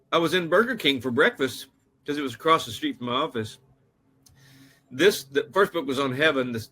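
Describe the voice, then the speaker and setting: A man's voice: medium pitch, bright, forceful tone. A man, an author, telling a personal story in an earnest, anecdotal way during an interview. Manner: earnest, anecdotal, with frequent restarts. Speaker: author and guest.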